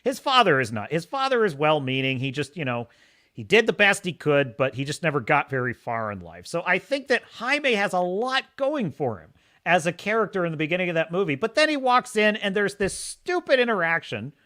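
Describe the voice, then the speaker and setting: A man's voice: high-pitched, very animated, a little fast, bright, forceful tone. A man hosting a podcast, giving opinionated casual commentary in a mocking way and laughing often. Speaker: podcast host.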